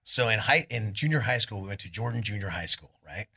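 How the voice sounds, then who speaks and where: Husky-voiced man telling stories onstage. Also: fairly low pitch, brisk. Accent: Californian. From California. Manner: rambling, animated storyteller, acts out quotes loudly. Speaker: guest, rock singer. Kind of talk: live on-stage storytelling interview. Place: club stage before a live audience.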